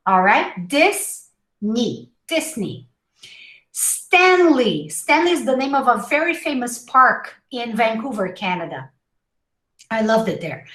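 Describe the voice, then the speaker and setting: A woman teaching English pronunciation in a live online class, slowly modeling each word and repeating it. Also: on the high side, very animated, fairly bright tone, reverberant, low-quality recording. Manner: slow, drawn-out modeling of words with repetition.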